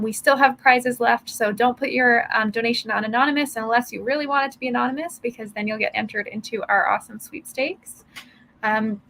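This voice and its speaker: A woman's voice: a little high, pushed and bright, slight background noise, low-quality recording. A woman hosting a fundraiser livestream, upbeat and eager, with frequent "um" fillers. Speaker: host.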